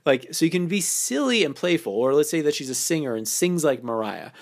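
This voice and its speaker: A man's voice: a little high, animated, fairly quick. A man hosting a podcast as a dating coach, talking casually with lots of fillers and acting out playful example lines. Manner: casual, loose phrasing with many fillers. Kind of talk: instructional podcast talk.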